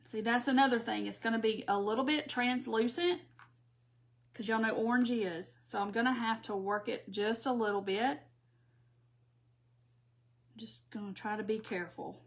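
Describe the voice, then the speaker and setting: A woman's voice: fairly high pitch, steady tone, moderate pace, long pauses. A middle-aged woman from Mississippi with a Southern accent, chatting casually through a crafting live stream and reading viewer comments aloud.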